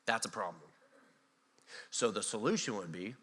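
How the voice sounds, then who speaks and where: A man with an American accent preaching a sermon as pastor, animated and acting out voices with a touch of sarcasm. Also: mid-range voice, a little fast, long pauses. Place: church hall. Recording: church hall reverb.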